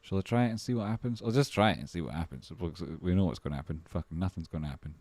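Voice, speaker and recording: A low-voiced man hosts a casual livestream, swearing freely and rambling as he jumps from one thing to the next. The sound is close and dry, with no room echo. His talk is loose and excitable. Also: rapid-fire. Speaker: livestream host.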